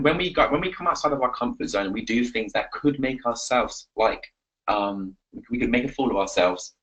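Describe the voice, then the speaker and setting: A man coaching on a live webinar, energetic and repetitive, giving pep talks. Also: mid-range voice, low-quality recording. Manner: energetic, pep-talking, repeats himself. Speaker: confidence coach.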